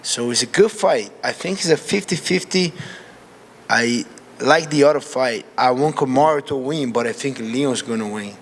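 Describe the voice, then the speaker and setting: Brazilian guy, fighter, talks loose and animated, mid pitch, long hall reverb on him. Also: normal speed, a little hiss or hum. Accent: Brazilian Portuguese. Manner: candid, animated, non-native grammar. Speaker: MMA fighter. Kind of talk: casual interview answer.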